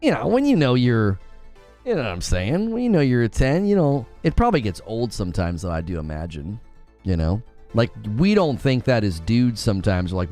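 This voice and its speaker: A man's voice: lowish voice, big pitch swings, a little fast, darkish tone, faint music behind. Rambling American man chatting casually. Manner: rambling, heavy on fillers. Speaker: co-stream host. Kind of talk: casual chat.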